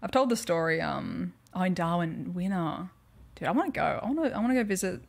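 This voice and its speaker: A woman's voice: on the low side, sing-song, a little fast, vocal fry. Chatty Australian woman streaming a game. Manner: chatty, laughs often, tells stories animatedly. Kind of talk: casual livestream chat while gaming.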